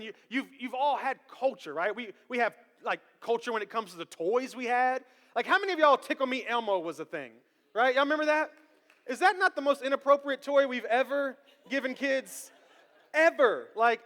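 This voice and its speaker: A man in his thirties preaching a sermon as pastor, animated and joking with the congregation. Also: sits high. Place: church sanctuary. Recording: long church hall reverb.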